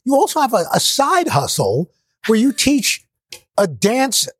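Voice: medium pitch, wildly swooping pitch, a little slow, slightly rough. A morning TV host introducing a segment and interviewing in a polished, upbeat way.

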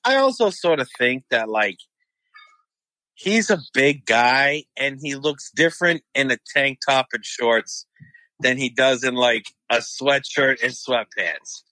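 A man's voice: medium pitch, expressive, slow pace, sharp tone, dry recording, poor audio. A man co-hosting a podcast, chatting loosely about basketball with a joking, filler-heavy manner. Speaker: podcast co-host. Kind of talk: casual sports chat.

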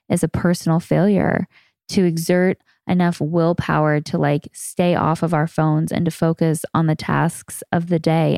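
Woman, podcast host, hoarse, raspy, low and dark voice, earnest chat. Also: no echo, studio quality. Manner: earnest, chatty.

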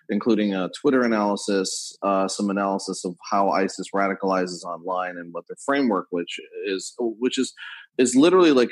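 A man talking as a podcast guest, rambling and quick, restarting his sentences often. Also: fairly low pitch, low-quality recording. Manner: fast-talking, digressive, many restarts. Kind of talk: casual podcast interview. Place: London.

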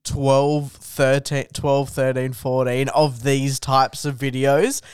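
A young comedian chats in a laid-back way, swearing constantly and calling everyone dude. His voice is smooth and clear, at a middling pitch. The recording is close and dry. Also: flat delivery, slow, darkish tone, no room sound. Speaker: comedian guest. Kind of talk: casual chat.

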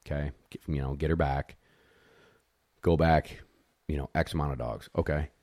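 An extremely low-pitched man speaking at normal speed recounts a retriever competition, casually and animatedly acting out dogs and judges, bluntly and with mild swearing. He handles retriever dogs himself, and the recording is dry, clean studio sound.

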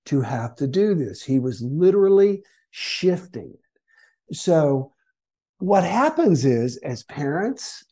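A man's voice: on the high side, dark tone. A man who is a guest on a podcast interview, telling stories and acting out the voices of the people in them. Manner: storytelling that acts out quoted complainers. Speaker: guest author.

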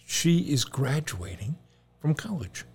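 A man's voice: on the high side, very animated, slow, husky, faint music behind. A middle-aged man co-hosting a casual chat with his son, telling jokes and sharing good news in a playful, chuckling way. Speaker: co-host, father.

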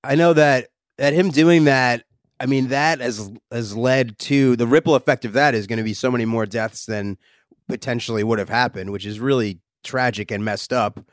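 A man's voice: mid-range voice, fairly even intonation, moderate pace, no room sound, studio quality. A man as a comedian guest on a podcast, laid-back and talkative, laughing often. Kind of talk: casual comedic chat.

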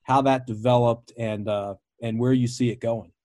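A man interviewing a guest, asking questions in a conversational way with filler pauses. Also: mid-range voice, steady tone, mellow, dry recording.

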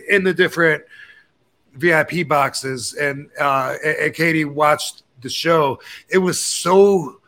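A man in his fifties, hosting a podcast, telling a rambling story in casual chat and acting out the voices and curses of the people in it. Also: fairly high pitch. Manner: animated, acts out quoted dialogue with cursing. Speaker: podcast host.

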